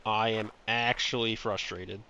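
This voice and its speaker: A man's voice: fairly low pitch, fairly even intonation, unhurried, gravelly, dull audio, noisy background. Frustrated man streaming a puzzle game. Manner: frustrated, mimics bird chirps, swears. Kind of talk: live puzzle-game commentary.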